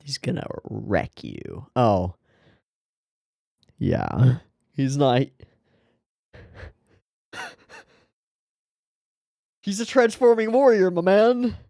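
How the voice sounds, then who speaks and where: A man records an anime reaction in a dry, close room, and his voice jumps all over the place. He talks slowly and drawls his lines. He curses at the characters and teases them like old buddies. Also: mid-range voice, wildly swooping pitch, vocal fry, dark tone, no room sound. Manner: swears freely and talks back at the screen; laughs often and teases the characters. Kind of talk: casual reaction commentary.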